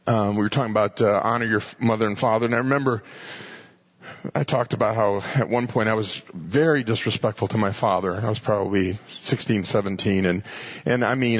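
A man teaching a sermon earnestly, often repeating words as he finds his thought. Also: fairly low pitch. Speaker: Bible teacher. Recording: muffled lo-fi recording.

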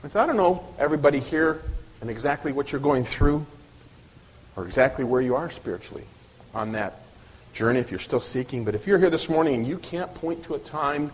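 A man's voice: mid-range voice, expressive, a little fast, husky. A man preaching a sermon at a church service, earnest, often restarting and repeating his words.

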